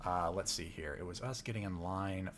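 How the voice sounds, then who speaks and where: A man's voice: deep voice, moderate pace, a little hiss or hum. A man co-hosting a casual chat, telling trip anecdotes over his own video footage with a chatty, laughing manner. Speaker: co-host.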